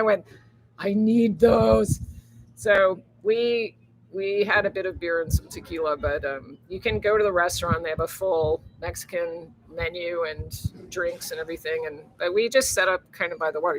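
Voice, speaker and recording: A woman's voice: lowish voice, rough recording. A woman hosting a casual live stream, rambling and chatty, laughing often and swearing freely as she reads viewer comments.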